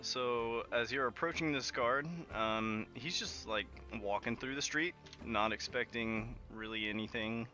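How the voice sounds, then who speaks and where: A man running a tabletop game as game master, narrating in a relaxed, casual way full of fillers. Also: medium pitch, measured pace, few pauses, lo-fi sound, soft background music.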